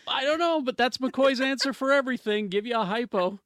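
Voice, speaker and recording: A man's voice: very high voice, brisk, a bit bright, no room sound. A man co-hosting a casual podcast chat, dropping wry jokes. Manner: wry, joking asides. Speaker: podcast co-host.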